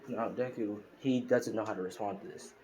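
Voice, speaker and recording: Low-voiced man rambling through a story. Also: fairly even intonation, moderate pace, darkish tone, rough recording. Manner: rambling, full of fillers like "you know" and "pretty much". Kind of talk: casual spoken fan story. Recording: hissy home screen recording.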